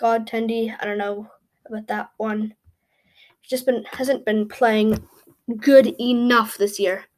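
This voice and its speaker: A woman YouTuber builds a tier list of hockey goalies in casual commentary, rambling and thinking out loud with lots of "um" and self-corrections. Her voice is a little high, flat in delivery, and slow.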